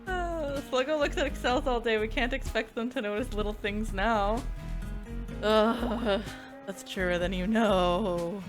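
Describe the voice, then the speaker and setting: A woman's voice: a little high, a little slow, over music. A young woman streaming a game as a VTuber, chatting casually, reading chat aloud and laughing often.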